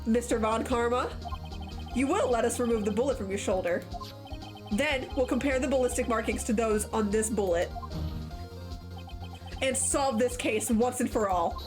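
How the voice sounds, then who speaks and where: A woman voicing a confident young male defense lawyer in a steady, dramatic read-aloud, with game music behind. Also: fairly high pitch, moderate pace, pauses often, close to an everyday voice. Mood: pressing.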